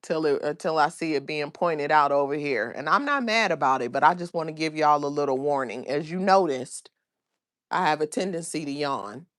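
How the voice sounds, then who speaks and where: A woman's voice: low-pitched, normal speed, a bit bright. A woman hosting her own livestream, talking to her viewers in a blunt, profane, rambling way. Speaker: livestream host. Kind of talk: casual livestream chat.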